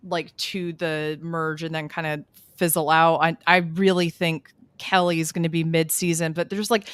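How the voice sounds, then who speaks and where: A woman's voice: fairly low pitch, fairly bright tone, clear, resonant tone, no echo. A woman co-hosting a podcast, chatting casually and speculating about reality TV, laughing often. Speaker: podcast co-host.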